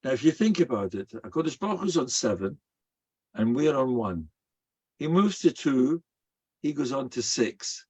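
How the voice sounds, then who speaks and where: An older man, a rabbi giving a storytelling sermon in an animated way. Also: mid-range voice, normal speed, slightly rough. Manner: animated, acts out quoted voices.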